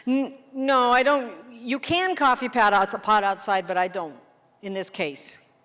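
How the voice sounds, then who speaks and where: A woman English teacher leading a workshop, explaining classroom games in an animated way and checking in with the room often. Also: mid-range voice. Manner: lively, animated teacher, quick questions to the room. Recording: long reverb of a hall.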